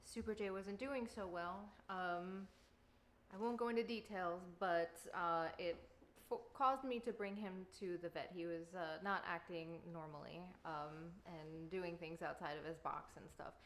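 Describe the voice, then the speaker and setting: A woman's voice: on the low side, fairly even intonation, unhurried, a bit bright. Thirtysomething mom rambling on while she bakes, kitchen vlog, lots of ums. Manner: chatty, rambling with fillers. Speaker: vlogger and mother. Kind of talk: casual chat while baking. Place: home kitchen.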